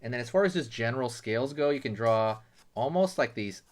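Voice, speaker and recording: A man's voice: medium pitch, a little fast. A man hosting a drawing lesson, talking casually and explaining each step with lots of "you know" and "right". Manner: relaxed, chatty, many fillers like "you know" and "right". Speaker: drawing tutorial host.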